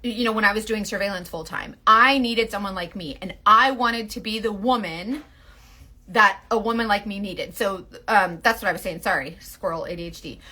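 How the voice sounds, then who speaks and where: A woman's voice: medium pitch, moderate pace, sharp tone. A woman in her forties chatting casually and rambling about leading a makeup sales team, full of "like" and asides. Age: 40s. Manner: rambling, full of "like" and self-interruptions.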